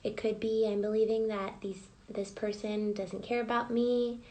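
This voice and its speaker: A woman's voice: medium pitch, flat delivery, normal speed, dark tone, rough recording. A woman coach leading a live guided reflection session, prompting listeners with repeated questions. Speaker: emotional wellness coach.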